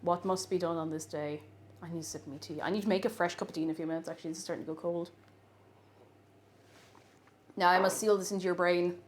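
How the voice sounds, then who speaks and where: A woman's voice: fast, long pauses, a little hiss or hum. A woman with an Irish accent, chatting playfully on a live stream while teaching an Irish word of the day. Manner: playful, bursts into high excited greetings to chat. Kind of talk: casual live-stream chat. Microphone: desk microphone.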